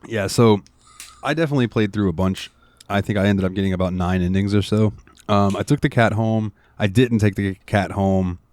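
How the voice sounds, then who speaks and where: A man's voice: deep voice, a little mellow, no echo. A man co-hosting a casual podcast, rambling through a game's story with lots of fillers. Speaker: podcast co-host.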